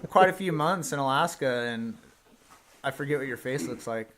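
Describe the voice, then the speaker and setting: A man's voice: mid-range voice, lively intonation, normal speed, fairly bright tone. A man hosting a podcast in a studio, chatting casually in an easygoing, friendly way. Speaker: podcast host. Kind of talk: casual chat.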